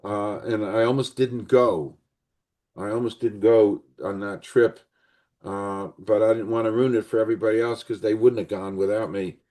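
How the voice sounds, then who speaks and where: Older man, podcast host, earnest rambling storyteller, slightly low voice. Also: steady tone, moderate pace, warm tone. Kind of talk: conversational interview storytelling.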